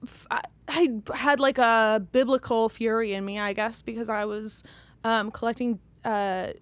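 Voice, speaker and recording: A woman's voice: on the high side, steady tone, a little slow, clear, resonant tone, no echo. A young woman co-hosting a podcast, telling a story in casual chat and acting out the quotes, swearing freely. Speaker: podcast co-host.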